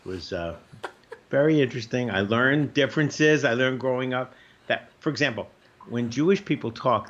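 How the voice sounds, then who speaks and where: A man's voice: mid-range voice, lively intonation, moderate pace. Comedian man on a dull lo-fi call. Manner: punchline timing, playful mimicry of relatives. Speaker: comedian guest. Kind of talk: comic storytelling.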